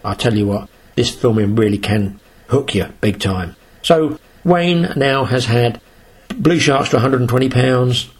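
A man's voice: medium pitch, measured pace, slightly rough. An older man from Britain, a sea angler, telling rambling, boastful fishing stories in a casual, chatty way. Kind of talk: casual spoken anecdote.

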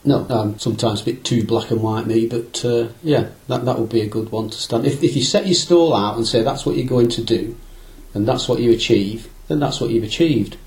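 A man's voice: mid-range voice, a little fast, darkish tone, rough recording. A man in a casual conversation, recalling fishing trips in a rambling, anecdotal way with many fillers and restarts.

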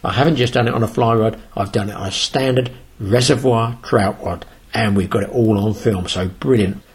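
Husky older British man boasting about fishing. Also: fairly low pitch, moderate pace. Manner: rambling, boastful storyteller. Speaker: sea angler. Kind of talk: casual spoken anecdote.

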